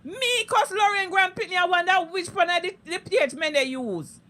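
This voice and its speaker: A woman's voice: extremely high pitch, moderate pace, fairly bright tone. A Jamaican woman streaming live on social media, delivering a heated, profane, repetitive rant in thick Patois.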